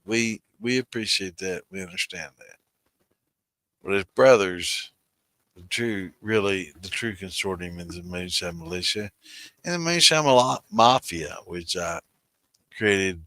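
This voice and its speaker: A man's voice: deep voice, bright, forceful tone, no room sound. A man, hosting a livestream in rambling, profane casual chat and calling out viewers by name. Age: 60s. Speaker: host of a moonshine livestream.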